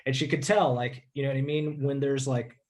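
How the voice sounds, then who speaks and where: A man telling a personal story in a casual interview, candid and rambling, often clearing his throat and saying "dude". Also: mid-range voice, fairly even intonation, moderate pace.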